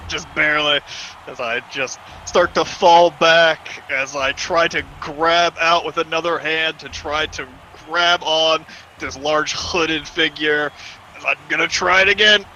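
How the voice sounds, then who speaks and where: A man's voice: a little high, sharp tone. A man playing a tabletop game, narrating his character's actions in first person. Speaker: player. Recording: dull lo-fi mic with faint noise.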